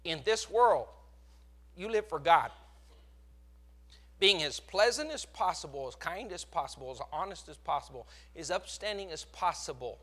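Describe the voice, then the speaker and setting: A man's voice: on the high side, expressive, moderate pace, fairly bright tone. A man with a Texas accent preaching a sermon, with emphatic surges in volume. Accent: Texan.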